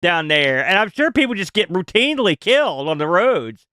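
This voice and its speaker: High, bright-voiced curious podcast co-host. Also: male voice, big pitch swings, normal speed, no echo, clean studio sound. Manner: curious, asks many questions, laughs often. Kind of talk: casual chat.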